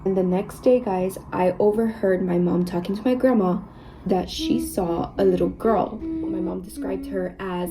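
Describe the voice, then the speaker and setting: A woman's voice: medium pitch, mellow, a little hiss or hum, poor audio. A young woman vlogger chatting casually about her own experiences while doing her makeup, constantly saying "you guys" and "like.". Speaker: beauty vlogger.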